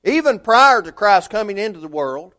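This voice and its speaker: A man preaching a sermon, telling a story earnestly and swinging between loud and hushed delivery. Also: sits high, sing-song, moderate pace.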